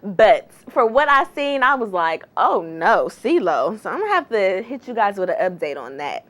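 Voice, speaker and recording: A woman's voice: medium pitch, very animated, a little fast, fairly bright tone. A woman hosting a casual gossip vlog, chatty and sassy, with slangy, exclamatory asides. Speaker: entertainment gossip host.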